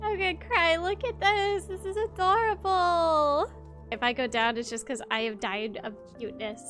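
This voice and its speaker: A woman streamer giving excited gameplay commentary, giggling and squealing as she gushes over how cute everything is. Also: extremely high pitch, normal speed, soft background music. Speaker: video game streamer.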